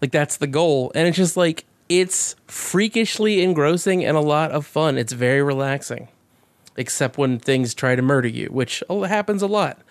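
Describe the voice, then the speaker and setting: A man co-hosting a podcast, talking about games in a fast, rambling way, swearing often and getting excited. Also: on the high side, no echo. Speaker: podcast co-host. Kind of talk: casual chat.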